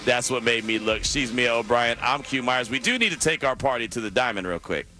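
A man's voice: mid-range voice, lively intonation, brisk, loud music behind the voice. A man co-hosting a sports radio show, talking energetically and emphatically and repeating himself for stress.

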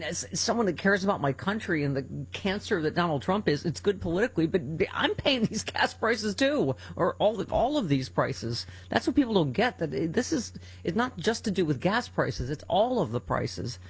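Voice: mid-range voice, sing-song, moderate pace, slightly rough. A talk show host from California, ranting sarcastically through casual political banter.

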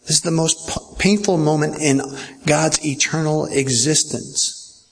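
A man's voice: a little high, steady tone, unhurried, gravelly, husky. A man preaching a verse-by-verse sermon as pastor, in a conversational way that keeps checking in with his listeners.

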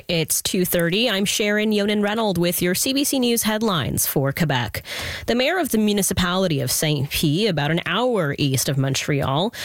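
A woman reading a radio news bulletin in a crisp, formal way. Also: on the low side, dry recording. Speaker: newsreader.

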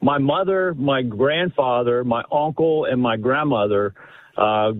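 A man calling in to a radio show, telling a family story in an animated, rambling way with many restarts. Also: medium pitch, a little slow. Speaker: caller. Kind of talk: casual storytelling on a phone-in. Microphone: telephone. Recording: husky voice over a tinny phone line.

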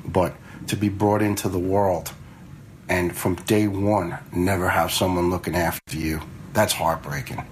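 A man's voice: sits low, steady tone, measured pace, a little hiss or hum, poor audio. A man in his fifties, a retired fire lieutenant, telling stories in a blunt, conversational way with some swearing. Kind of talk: casual storytelling.

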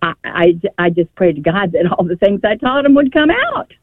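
A woman's voice: mid-range voice, sing-song, moderate pace, no room sound. An older woman calls in and tells her story in a rambling, emotional way, often stopping to restart her sentences. Her voice comes through a tinny, dry phone line. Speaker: caller. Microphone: telephone.

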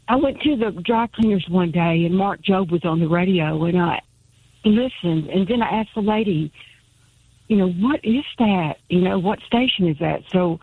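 Gravelly-voiced woman calling in by phone. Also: medium pitch, no echo. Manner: halting, searching for words. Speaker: caller. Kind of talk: sharing a personal testimony. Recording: tinny phone line.

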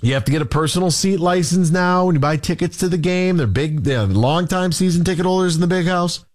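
Worked-up, high-voiced sports radio man. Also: brisk. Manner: worked-up, ranting, rhetorical questions. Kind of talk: sports talk rant.

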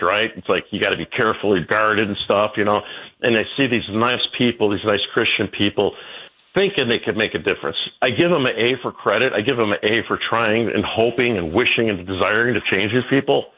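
A man's voice: fairly quick, fairly bright tone, highs cut off. A man in his sixties, a guest on a radio show, telling stories in a rambling way and repeating his words. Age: 60s. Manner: rambling, repeats words, quotes people in a high voice. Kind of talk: casual radio conversation.

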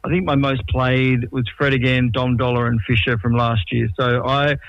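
A man's voice: mid-range voice, little pitch movement, moderate pace, no echo, highs cut off. An Australian man in his late forties, a musician talking casually in an interview, rambling and often restarting his sentences. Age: 40s. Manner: rambling, self-interrupting, laid-back. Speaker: musician guest.

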